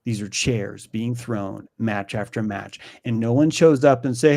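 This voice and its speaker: A man's voice: mid-range voice, a little slow, gravelly, warm tone, no echo. A man as a guest, talking in a profane, ranting way in an opinionated conversation.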